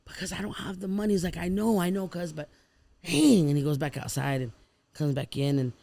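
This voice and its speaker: A woman's voice: fairly low pitch, a little fast, creaky, warm tone, dry recording. A woman guest on a podcast, telling her life story in casual chat and animatedly acting out the people and prayers she quotes. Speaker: podcast guest, food truck owner.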